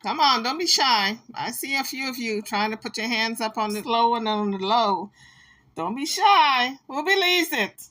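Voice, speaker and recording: A woman's voice: fairly high pitch, animated, moderate pace, pushed and bright. A woman hosting a commentary channel, talking back to clips in a sassy, scolding, teasing way. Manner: sassy, scolding, teasing, talks straight to the clip.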